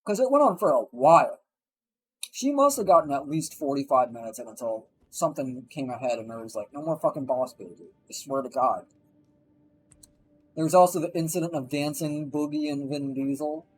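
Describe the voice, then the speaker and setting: A man's voice: on the high side, fairly quick, slight background noise, rough recording. A young man streaming live, telling a rambling, profane story while he plays a game. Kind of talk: casual chat while gaming on a live stream.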